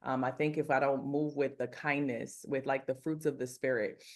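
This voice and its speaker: Low-voiced earnest woman makeup artist. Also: little pitch movement, normal speed, darkish tone. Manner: earnest, rambling, frequent fillers. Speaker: celebrity makeup artist and mentor. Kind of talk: casual faith-focused interview talk.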